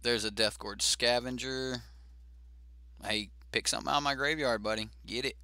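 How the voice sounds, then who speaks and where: A man's voice: mid-range voice, steady tone, normal speed, pushed and bright, dry recording. A man hosting a card game stream, chatting casually and thinking aloud with fillers as he plays. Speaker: host.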